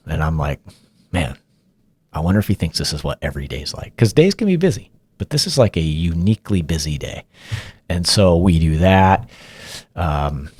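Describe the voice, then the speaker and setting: A middle-aged man, a former police officer, casually telling a story in a relaxed, rambling way. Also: deep voice, breathy edge. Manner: relaxed, rambling retelling with fillers and restarts.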